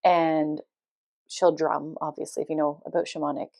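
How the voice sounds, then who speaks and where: A woman hosting a podcast, telling a personal story in a casual monologue, animated and laughing often as she acts out what was said. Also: low-pitched, moderate pace, creaky, dry recording. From Canada. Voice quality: loud laugh. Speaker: podcast host.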